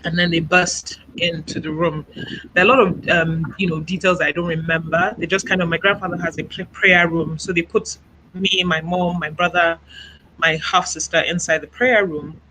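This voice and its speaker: Bright-voiced woman recounting her story haltingly. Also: fairly low pitch, steady tone, slight background noise, low-quality recording. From Nigeria. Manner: soft-spoken, halting, reflective, many "you know" fillers. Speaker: interview guest. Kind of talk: personal testimony over a video call. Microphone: video call.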